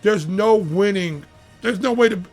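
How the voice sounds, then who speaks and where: Hoarse ranting man, gravelly voice. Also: high-pitched, unhurried, faint music behind. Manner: loud, ranting, animated. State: hoarse, recovering voice. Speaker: sports talk co-host. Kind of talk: casual sports talk.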